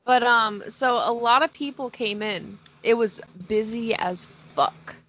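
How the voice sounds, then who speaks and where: A young woman in casual podcast chat, talking slowly with a slightly high voice. She tells stories in a loose, laid-back way, swearing and laughing easily. The recording is dull and lo-fi. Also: a bit bright. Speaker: podcast co-host. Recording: dull lo-fi sound.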